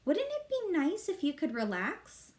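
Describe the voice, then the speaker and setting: A woman's voice: sits high, huge pitch swings, a little slow, a little mellow, pitched above the performer's own voice, heavily acted. A woman reading aloud, voicing a confident girl making her case to an adult. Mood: persuasive. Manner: persuasive, smug. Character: confident know-it-all girl.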